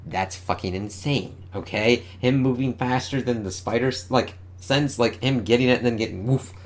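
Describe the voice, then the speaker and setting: Profane, excitable male comic reviewer. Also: mid-range voice, moderate pace.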